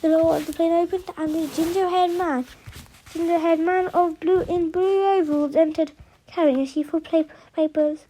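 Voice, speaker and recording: A woman reads a novel aloud in a high, mellow voice. She stumbles often, restarting and correcting words as she goes. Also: fairly even intonation, moderate pace, a little hiss or hum. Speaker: reader of an audiobook.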